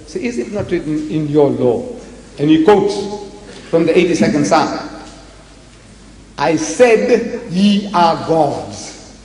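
An older man from South Africa giving a religious debate lecture, animated, often acting out the dialogue he quotes. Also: fairly high pitch. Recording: echoey hall with faint noise.

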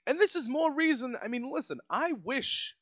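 New York man, young, solo podcast host; high, lively voice, rambling exasperated delivery, dry and slightly dull sound. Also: normal speed, dry recording. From Staten Island, New York. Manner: rambling and exasperated, with many restarts. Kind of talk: casual solo podcast rant.

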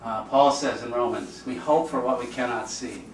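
Priest teaching a class in an echoey room. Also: male voice, medium pitch, moderate pace. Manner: conversational, acts out quoted speech. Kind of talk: informal teaching talk. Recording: echoey room, distant mic, faint noise.

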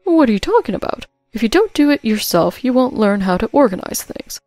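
A woman reading the lines of a kind, cheerful elderly woman who works in a shop, speaking gently and calmly. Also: a little high, fairly quick, dry recording, soft background music. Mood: gently advising. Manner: gentle, calm.

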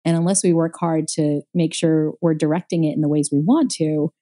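This is a woman speaking as a guest scientist in a relaxed interview. Her voice sits on the low side and has a mellow, soft tone. She explains research eagerly, with an easy, conversational flow. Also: brisk. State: recovering from a knee injury.

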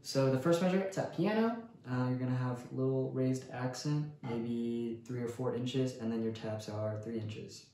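A man giving a casual percussion lesson in a relaxed way, counting rhythms aloud and often saying "cool". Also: mid-range voice, unhurried. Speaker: percussion instructor. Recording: very echoey room, faint noise.

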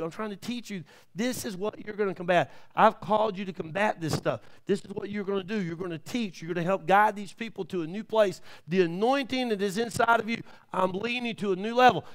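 A man in his fifties preaching a live church sermon, telling stories in a folksy way with many amens. He swings from quiet asides to shouted peaks. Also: high voice. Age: 50s. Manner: folksy, with frequent amens and praise the lord.

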